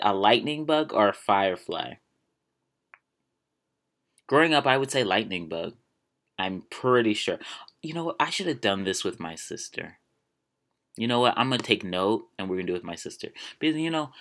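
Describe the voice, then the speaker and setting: Young man, very deep voice, rambling casual chat, jokey asides. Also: fairly bright tone. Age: 20s. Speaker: podcast host.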